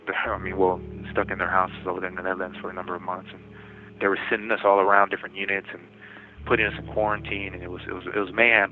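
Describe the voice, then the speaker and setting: A man telling his own story over a prison phone call, talking in quick bursts with many restarts and laughing now and then. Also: low voice. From United States. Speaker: incarcerated interviewee. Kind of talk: phone interview, personal storytelling. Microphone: telephone. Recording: tinny prison phone line.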